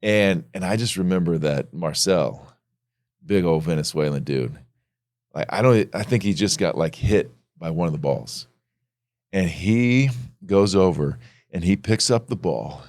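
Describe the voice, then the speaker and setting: A middle-aged man co-hosting a casual faith podcast, telling stories in a loose, animated way. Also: sits low, unhurried, no echo, studio quality. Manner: storytelling, animated when retelling. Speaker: podcast co-host.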